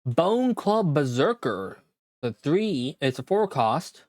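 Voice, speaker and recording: Slow, halting man reading cards aloud. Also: on the high side, big pitch swings, a little mellow, no room sound, studio quality. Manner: reads card text aloud haltingly, with quick reactions. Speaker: card opening creator. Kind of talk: casual card-pack opening commentary. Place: own room at home.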